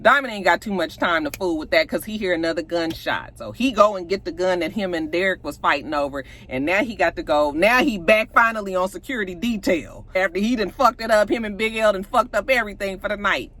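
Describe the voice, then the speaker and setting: Woman breaking down a tv episode, lively, does all the character voices. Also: medium pitch, brisk, few pauses. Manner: animated retelling, acting out characters' lines. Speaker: TV show recapper. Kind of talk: casual recap of a TV episode.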